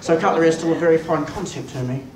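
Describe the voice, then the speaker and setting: A young man with a New Zealand accent doing a stand-up comedy set, deadpan, profane and self-mocking. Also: fairly high pitch, very fast. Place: small pub stage. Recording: echoey pub room, mic far off, noisy.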